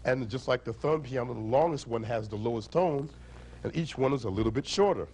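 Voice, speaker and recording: A man's voice: mid-range voice, fairly quick, a little hiss or hum, rough recording. A man teaching children about instruments and storytellers at a library, drawing them into call-and-response chants. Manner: lively, draws audience into chants. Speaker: storyteller and musician. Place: library event.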